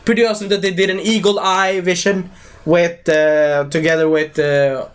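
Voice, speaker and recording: A young man giving a casual live movie review, rambling and excitable, with lots of fillers and broken grammar. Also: high-pitched, moderate pace, smooth.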